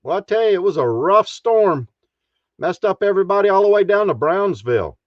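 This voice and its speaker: Man, folksy stream host, high lively voice, dry dull sound. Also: fairly quick, dry recording. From Texas. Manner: folksy, chuckles often. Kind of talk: casual live stream chat.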